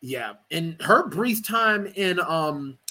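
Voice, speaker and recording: A man's voice: a little high, lively intonation, takes it slowly, sharp tone, low-quality recording. A man co-hosting a podcast, chatting casually and playfully about a film. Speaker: podcast co-host. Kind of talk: casual chat.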